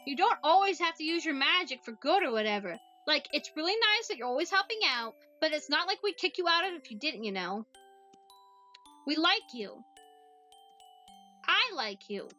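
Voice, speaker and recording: A woman's voice: high-pitched, very animated, normal speed, sharp tone, soft background music, heavily acted. A woman voicing a blunt, impatient young girl who teases her friend in a snappy, sarcastic way in a voiced visual novel. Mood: coaxing.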